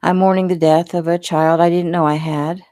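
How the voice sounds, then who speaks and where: A woman's voice: lowish voice, little pitch movement, normal speed, warm tone, no room sound, studio quality, natural voice. A woman reading a tender young man, devoted and worried. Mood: grieving.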